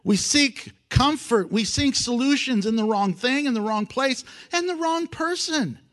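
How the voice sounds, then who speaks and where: Animated high-voiced male preacher. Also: a little slow. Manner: animated, swings from loud emphasis to hushed intimacy; acts out prayers and voices with humor. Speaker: pastor. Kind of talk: sermon.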